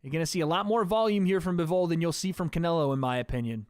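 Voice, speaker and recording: A man's voice: fairly high pitch, fast talker, darkish tone, smooth, no room sound, studio quality. A man hosting a livestream, giving casual play-by-play commentary on a fight and chatting to his viewers as guys. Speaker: livestream host.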